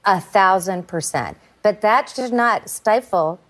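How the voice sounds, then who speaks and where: A woman's voice: medium pitch, lively intonation, takes it slowly, fairly bright tone. A woman on a cable news panel in a heated debate, pointed and persistent.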